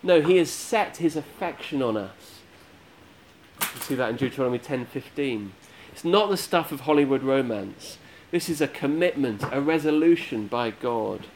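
A man's voice: mid-range voice, expressive, moderate pace, a little hiss or hum. A man preaching a sermon to a congregation, earnest and emphatic, building his points through repeated phrases.

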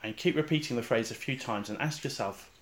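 Male preacher, sermon-style guided meditation, calm and reflective, unhurried with pauses, hushed on recited verses. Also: medium pitch. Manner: calm and reflective, with slow pauses, dropping soft on repeated verses.

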